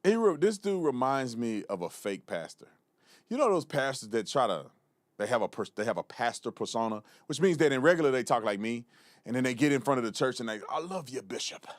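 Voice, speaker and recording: A man's voice: mid-range voice, lively intonation, brisk, no room sound, clean studio sound. A man hosting a live political commentary show, blunt and mocking in his remarks. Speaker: show host.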